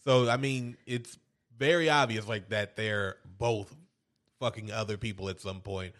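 A man's voice: lowish voice, unhurried. A man casually recapping a film with a friend, swearing freely and acting out the characters' lines. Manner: profane, animated retelling with quoted voices. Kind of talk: casual movie recap chat.

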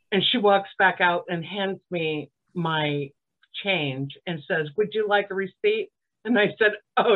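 Sardonic woman over a tinny line. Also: on the low side. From Alabama. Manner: dry, sardonic storyteller. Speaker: guest. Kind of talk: casual storytelling on a comedy podcast.

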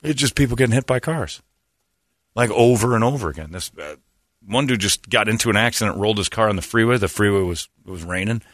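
A man's voice: fairly low pitch, quick pace, dry recording, clean studio sound. A middle-aged man hosting a show, chatting casually and acting out the people in his stories. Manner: animated storyteller who acts out the people in his stories. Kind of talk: casual studio banter.

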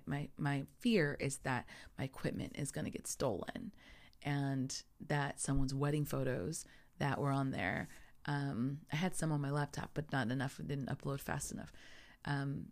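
Casual storyteller: a woman with a low, husky-gravelly voice and a mellow tone, dramatizing her own panic as she speaks. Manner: animated, acts out her own panic in quoted asides. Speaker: photographer telling a travel story.

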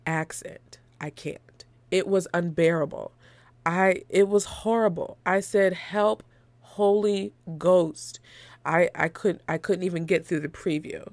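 Woman podcast host, casual and animated, gravelly fry, dry close sound. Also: fairly low pitch, a little slow, dry recording. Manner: chatty, animated, laughs often. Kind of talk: casual chat.

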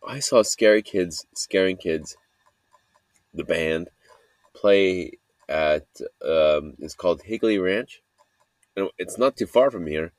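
A man hosting a solo podcast, talking in a halting, self-critical ramble full of fillers and restarts. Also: sits low, darkish tone, no echo. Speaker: podcast host.

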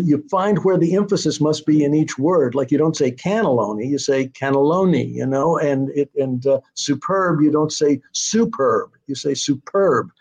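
A man's voice: on the high side, mellow. An older man talking as a guest about his screenwriting, telling stories in a rambling way with many hesitations. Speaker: guest, TV writer-director. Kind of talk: casual interview chat. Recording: dull lo-fi sound.

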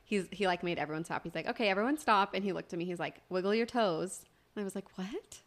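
A woman's voice: medium pitch, fast. A young woman co-hosting a podcast, telling a story in casual chat and acting out the voices of others. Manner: chatty, animated storytelling with quoted voices. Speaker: podcast co-host.

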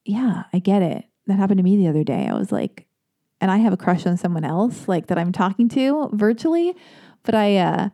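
Rambling, candid woman with a mellow voice. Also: lowish voice. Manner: candid, self-deprecating, digressive, swears freely. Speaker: podcast host answering listener letters. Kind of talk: casual advice chat with rambling anecdotes.

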